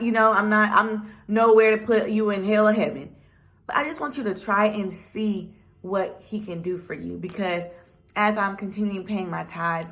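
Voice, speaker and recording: A young woman talks straight to her viewers in a loose, chatty way, full of "like" and "you know." Her voice sits at a middle pitch, and her storytelling is animated and personal. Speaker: vlogger. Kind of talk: casual personal testimony.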